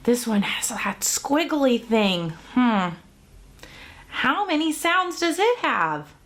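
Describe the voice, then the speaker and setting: A woman's voice: sits high, big pitch swings, slow, a bit bright. Sing-song woman teaching kindergarten music. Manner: cheerful, sing-song teacher talk with simple songs and counting. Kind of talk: online music lesson for young children. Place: music room at home.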